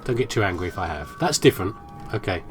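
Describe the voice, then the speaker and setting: A man's voice: low-pitched, big pitch swings, quick pace, faint music behind. A man commentating his horror game playthrough in a playful, musing, self-mocking way. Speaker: gaming commentator. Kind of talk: let's play commentary.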